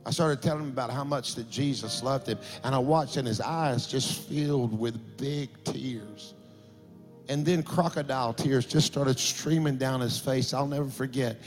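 A middle-aged man, a pastor telling a story in a sermon that builds to impassioned shouting. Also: medium pitch, moderate pace, faint music behind.

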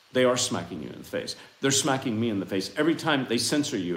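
A man preaching a fiery sermon, reading scripture and swinging from hushed asides to loud, impassioned outbursts. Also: medium pitch. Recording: echoey room.

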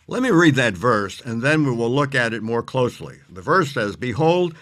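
A man teaching on scripture as an interview guest, speaking emphatically and reading verses slowly. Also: mid-range voice, big pitch swings, fairly bright tone.

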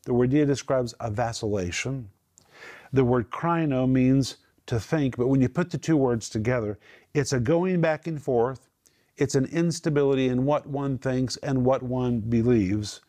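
A man teaching from the Bible, explaining Greek words with emphatic, drawn-out stress on key phrases. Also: mid-range voice, dark tone.

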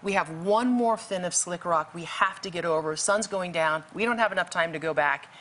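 A woman's voice: fairly low pitch, moderate pace, a bit bright, a little hiss or hum. A woman guest telling a faith story vividly, acting out the dialogue in it. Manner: vivid, acts out quoted dialogue. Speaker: guest author. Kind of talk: storytelling testimony.

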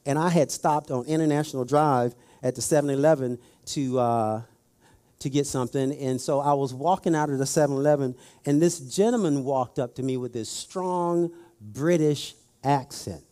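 A man's voice: medium pitch, moderate pace, warm tone. A middle-aged man preaching a conversational sermon, telling stories and putting questions straight to his listeners. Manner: folksy, storytelling, addresses the audience directly.

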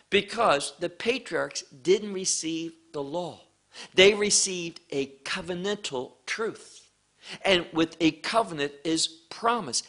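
A man teaching a sermon at a slow, deliberate pace, leaning hard on key words. His voice is bright and a little high, and it swings widely in pitch as he stresses each point. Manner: emphatic, rising and falling for emphasis, slow deliberate phrasing. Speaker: preacher.

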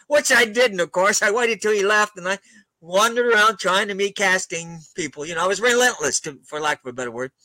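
Older man, guest author, chuckling storyteller, high pitch, dry close sound. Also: fairly quick, dry recording, low-quality recording. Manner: chuckles often, relaxed storyteller. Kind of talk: anecdotal interview storytelling.

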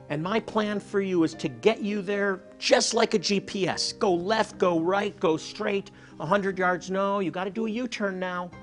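A man preaching a sermon, telling stories and dropping to a soft hush for emphasis. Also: high-pitched. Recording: faint music behind.

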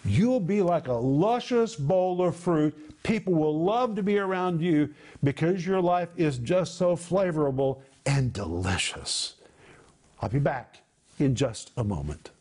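Emphatic high-voiced male Bible teacher. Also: animated, a little slow, a little mellow, husky. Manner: emphatic, piles up lists of synonyms; addresses listeners directly as "my friends".

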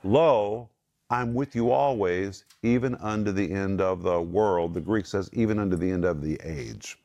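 A middle-aged man teaching the Bible on a broadcast, speaking emphatically and slowing down to stress key words. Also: low-pitched, a little mellow, dull audio. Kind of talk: Bible teaching with scripture quotes.

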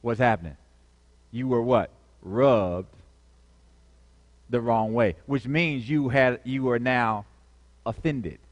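A man with a mid-range voice preaches a sermon in a church, speaking slowly and pausing often as he repeats key words and calls for answers from the congregation. The recording has the long reverb of a church hall.

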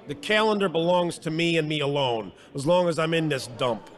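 A man's voice: fairly high pitch, brisk, natural voice. An actor playing a vicious, hardened male convict who sneers and menaces in tough-guy slang, in a radio drama. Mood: sneering menacing.

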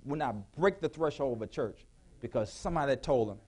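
A male pastor preaching a sermon in a church, with call-and-response questions to the congregation, sometimes rising to shouts. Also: medium pitch, expressive, brisk, husky. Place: church sanctuary.

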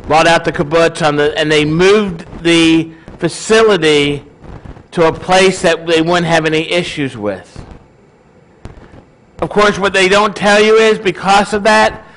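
A man's voice: a little high, a little slow, a bit bright, low-quality recording. A male pastor giving a casual, conversational sermon and often asking his congregation questions.

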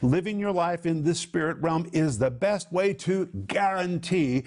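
A man's voice: a little high, darkish tone. Emphatic man teaching the Bible. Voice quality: emphatic, measured preaching delivery.

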